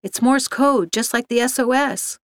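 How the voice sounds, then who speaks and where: A woman voicing a calm, matter-of-fact office worker in a spoken story. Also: a little high, normal speed, no echo, close to an everyday voice. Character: office worker woman, level-headed, reads Morse code.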